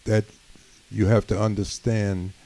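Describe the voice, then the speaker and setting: A man with a low, warm voice gives a religious lecture to a gathered community. He leans on emphatic, repeating phrases and often pauses on "uh" and "um". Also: level tone, poor audio. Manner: emphatic, building rhetorical repetition; frequent "uh" and "um" fillers.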